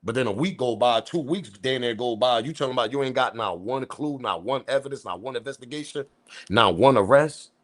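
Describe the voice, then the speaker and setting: A man hosting a commentary video, ranting about the news with profanity and loud emphatic bursts. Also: medium pitch, fast talker, hardly any pauses. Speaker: commentary channel host.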